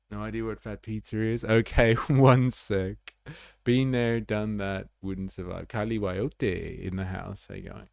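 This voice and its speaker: A man's voice: on the low side, fairly even intonation, slow, creaky, no echo, studio quality. An Australian man hosting a livestream, chatting casually in slangy, rambling talk full of fillers. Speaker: livestream host. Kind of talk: casual reaction commentary.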